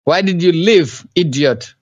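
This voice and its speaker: A man's voice: on the high side, animated, measured pace. A man baiting a scammer on the phone, mocking and boastful. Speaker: scambaiter. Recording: dull lo-fi recording.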